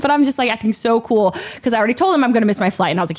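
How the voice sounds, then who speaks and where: A young woman streamer casually retelling a story to her chat, animated and breathless, with sudden high-pitched exclamations. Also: fast.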